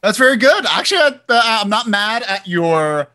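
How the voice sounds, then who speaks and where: A man's voice: high-pitched, very animated, moderate pace, bright, forceful tone. A man co-hosting a casual wrestling chat, laid-back, chiming in and reading out listener comments. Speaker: wrestling podcast co-host.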